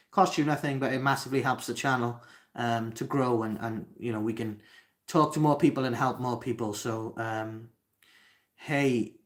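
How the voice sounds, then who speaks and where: A young man with a Cardiff accent, from Wales, hosting a live Q&A and reading out chat comments, talking hesitantly with lots of ums and restarts. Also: mid-range voice. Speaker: livestream host.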